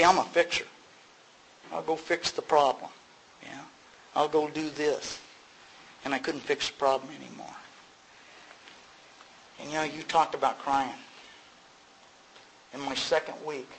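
A man's voice: a bit bright, a little hiss or hum, low-quality recording. A middle-aged man sharing his personal story at a recovery meeting, in a conversational way, filled with "you know" and laughing at himself. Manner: acts out both sides of dialogues with sudden rises in pitch. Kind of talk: personal testimony to a group.

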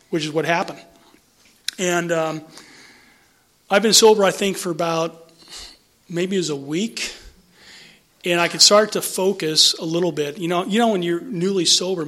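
A man's voice: on the high side, a bit bright. A middle-aged man frankly telling his own story in conversation, emphatic and swearing freely. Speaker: guest sharing recovery story. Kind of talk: personal storytelling in an interview.

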